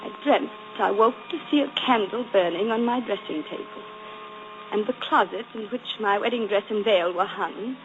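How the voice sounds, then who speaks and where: An actress playing Jane Eyre, proud young governess. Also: female voice, medium pitch, moderate pace, lightly acted. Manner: crisp, dignified, turns bitter and fervent. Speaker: radio drama lead and narrator. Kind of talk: 1940s radio acting. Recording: muffled noisy 1940s radio broadcast.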